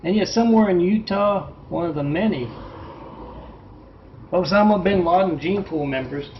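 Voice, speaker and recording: A man's voice: high voice, moderate pace, dull audio, background noise. A man telling a meandering, conspiratorial monologue as a vlogger, with many fillers and restarts. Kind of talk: rambling monologue.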